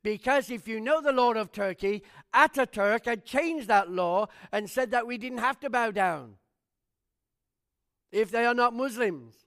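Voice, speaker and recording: High-voiced animated male preacher. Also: measured pace, vocal fry. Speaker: pastor. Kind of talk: storytelling sermon.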